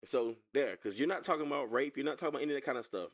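Animated man reacting to a clip. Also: mid-range voice, rapid-fire. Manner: animated, sarcastic, repeats himself. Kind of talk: casual reaction commentary.

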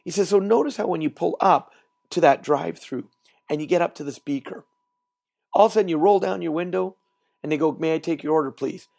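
A man hosting a solo motivational podcast, telling stories in an animated way and repeating words for emphasis. He is recording while traveling. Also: on the high side, fairly quick, gravelly. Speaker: podcast host and trainer.

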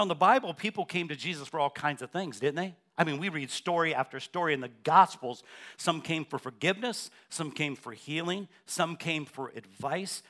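A man preaching a sermon as pastor in a church, asking the congregation questions and building to loud, emphatic repetition. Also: on the high side. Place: church sanctuary.

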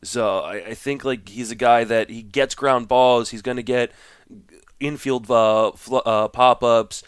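A young man co-hosting a casual baseball podcast, thinking aloud in a relaxed way with fillers; French was his first language. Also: mid-range voice, a little slow, clean tone, no echo, studio quality. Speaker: podcast co-host.

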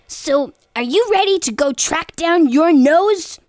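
A woman's voice: very high voice, expressive, slow pace, a little mellow, exaggerated voice. A woman voicing Doc, a playful, encouraging sidekick who jokes with the host in a children's audio drama.

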